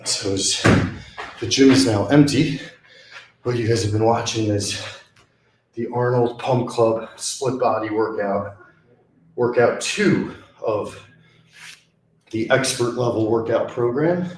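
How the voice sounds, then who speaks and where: A man's voice: mid-range voice, slow pace, pauses often, roomy sound, a little hiss or hum. Breathless man talking mid-workout. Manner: talks between sets, sighing and out of breath. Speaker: fitness vlogger. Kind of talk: casual talk during a workout. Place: small gym, indoors.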